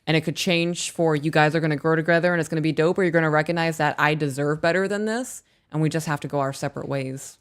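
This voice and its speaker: Low-voiced frank woman reading emails. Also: fairly even intonation, fast talker, few pauses, clean tone. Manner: blunt, frank, swears casually. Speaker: podcast host reading listener emails. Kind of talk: casual live-stream email reading.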